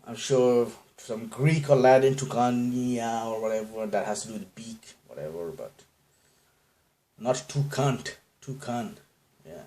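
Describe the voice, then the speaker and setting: A man's voice: medium pitch, a little slow, mellow. A man from Bangladesh hosting a casual solo podcast, rambling through tangents, self-deprecating, often laughing at his own jokes. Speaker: podcast host.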